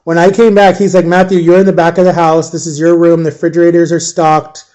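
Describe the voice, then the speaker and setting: Young guy talking through something rough, mellow kinda high voice, keeps stumbling and repeating. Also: little pitch movement, highs cut off. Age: young adult. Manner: halting, repeats himself, acts out quoted voices. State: emotional, near tears. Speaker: survivor telling his story. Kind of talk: personal storytelling.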